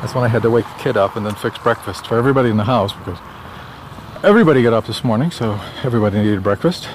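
A man's voice: lowish voice, rapid-fire. Man, casual walking vlog, chatty and rambling, slightly winded, outdoors, faint street noise. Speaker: author vlogging on a walk. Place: outdoors on a sunny suburban street.

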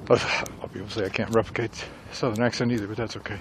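This middle-aged writer vlogger, walking with faint traffic around him, talks reflectively and a bit ramblingly about writing dialogue. His voice is on the low side and level in tone, and he is racing along.

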